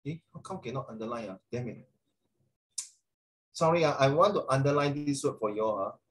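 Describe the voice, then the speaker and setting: A man's voice: medium pitch, animated, fairly quick, rough recording. A middle-aged Singaporean man giving a chatty classroom lecture as a social studies teacher, with frequent rhetorical tag questions.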